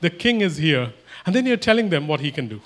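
Male preacher, voice on the higher side, emphatic, sermon delivery. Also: sing-song, fairly quick. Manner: emphatic, repetitive, voices imagined exchanges.

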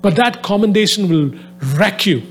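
Here the preacher's voice is high-pitched with lively intonation, moving at a moderate pace over faint background music. Addressing a live audience at a soundboard-equipped venue, he relates a story casually with many fillers and then climbs into an ardent call to his hearers.

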